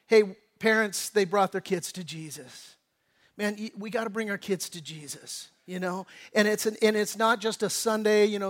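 High-voiced middle-aged man preaching. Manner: conversational storytelling with lively acted-out quotes; repeats and restarts words as he talks. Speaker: pastor. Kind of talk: sermon.

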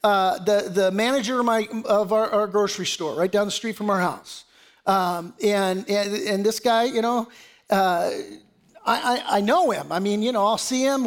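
A middle-aged man preaching a sermon as pastor, in a conversational way with many restarts and asides. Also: extremely high pitch.

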